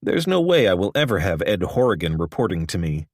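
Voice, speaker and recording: A man's voice: sits low, big pitch swings, brisk, no echo, clean studio sound, heavily acted. A man voicing an ambitious male executive who speaks bluntly and coldly.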